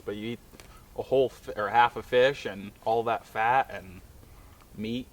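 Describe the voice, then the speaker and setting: A man's voice: fairly low pitch, expressive, moderate pace. A man, a friend of the host, chatting easily and joking outdoors on a frozen lake in winter while eating. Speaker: friend and guest. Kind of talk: casual chat while eating.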